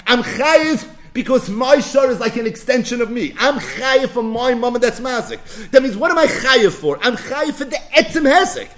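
A man giving an animated Talmud lecture, asking rhetorical questions and answering them himself. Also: very high voice, normal speed, few pauses. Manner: lively, asks and answers his own questions. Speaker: Talmud teacher.

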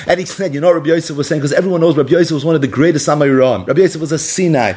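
With a darkish tone, this male preacher tells his sermon as a dramatic story, slowing down and going low whenever he wants to stress a point, and sprinkling Hebrew and Yiddish words through his English.

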